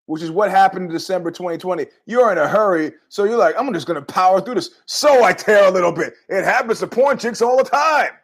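A man's voice: high voice, a little fast, hardly any pauses. A middle-aged man hosting a podcast, telling rambling, jokey stories in a casual monologue with asides. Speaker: podcast host.

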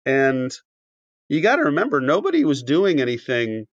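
A man's voice: on the high side, wildly swooping pitch, normal speed, no echo. A man telling a long anecdote as a podcast guest, with many fillers and restarts, acting out quoted dialogue. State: briefly choked up. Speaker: podcast guest, author and animation writer. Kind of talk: conversational storytelling. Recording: dull, dry podcast audio.

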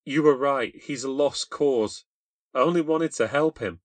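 A sweet, scared young woman's voice, as a male storyteller puts her on in a dry, close recording. She sounds soft and pleading, a little higher and louder than his usual narrating voice. The lines come across as gentle and fearful. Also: measured pace, no echo, lightly acted. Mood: sad pleading.

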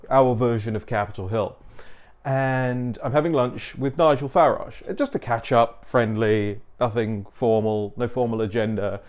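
A man's voice: medium pitch, a little mellow. Man, mid-range voice, casual digressive commentator; dull home-mic sound. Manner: chatty, digressive storyteller who acts out dialogue. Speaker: political commentator.

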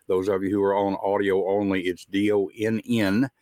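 A man's voice: low-pitched, level tone, moderate pace, darkish tone, dry recording. A man with a Southern US accent hosting a live talk show, chatty and folksy, with frequent filler words. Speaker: host.

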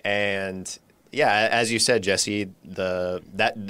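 A man with a fairly low voice speaks as a panelist on a talk show. He talks casually, hesitantly and rambles, often leaning on filler words. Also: fairly even intonation, takes it slowly, sharp tone, clear, resonant tone. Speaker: social media staffer and panelist. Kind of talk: casual studio chat.

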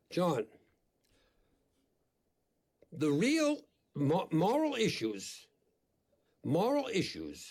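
An older man, a priest, speaking as an interview guest in an emphatic, deliberate, preacherly way. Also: high-pitched, darkish tone, breathy edge.

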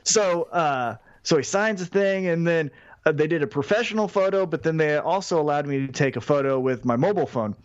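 A man's voice: fairly high pitch, a little fast, smooth, dry recording, highs cut off. A man co-hosting a podcast who tells a story in casual chat, acting out the quotes and swearing freely. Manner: animated, swearing, acts out quotes. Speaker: podcast co-host.

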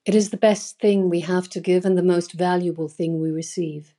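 A woman's voice: lowish voice, steady tone, moderate pace, warm tone. A woman hosting and reading her own newsletter aloud, earnest and emphatic, with sudden stressed words, in her bedroom. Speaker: newsletter host.

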